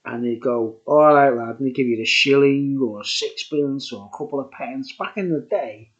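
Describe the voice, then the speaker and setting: An older man in his sixties tells a story in a casual, rambling way, drifting off on tangents and laughing at his own asides. His voice sits at an ordinary middle pitch. The recording sounds dull and lo-fi. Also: normal speed, a bit bright. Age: 60s. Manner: chatty, digressive, chuckling asides. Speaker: vlogger.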